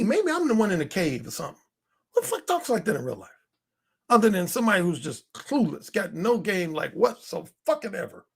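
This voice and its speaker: A man in his fifties with a high, swooping voice delivers a heated, profane rant. He hammers his points with emphatic repetition and speaks as a dating coach. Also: big pitch swings, moderate pace, creaky, husky. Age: 50s. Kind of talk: heated monologue.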